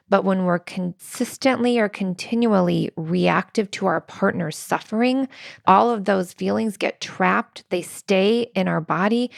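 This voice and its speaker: Gravelly-voiced woman sharing advice. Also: medium pitch, no room sound, clean studio sound. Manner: earnest, storytelling with quoted dialogue. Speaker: podcast co-host. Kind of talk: relationship advice conversation.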